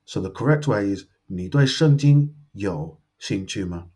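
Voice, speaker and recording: A man's voice: fairly low pitch, expressive, unhurried, mellow, slightly rough. A man teaching a grammar lesson, explaining carefully and methodically with worked examples. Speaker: Chinese language teacher.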